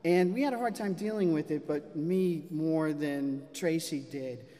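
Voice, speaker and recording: A man telling a personal story to a live audience, animated and self-mocking. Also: a little high, a little slow. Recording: long hall reverb.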